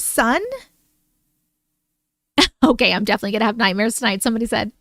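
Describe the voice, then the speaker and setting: A woman's voice: a little high, a little fast, pauses often, fairly bright tone, dry recording. A woman hosting a livestream, chatting with viewers and reading their stories aloud, breaking in with startled reactions. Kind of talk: casual live chat and reading stories aloud.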